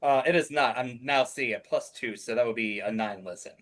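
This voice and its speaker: A man's voice: mid-range voice, a little fast, fairly bright tone. A man playing a tabletop game, chatting casually with many "like" fillers. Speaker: player.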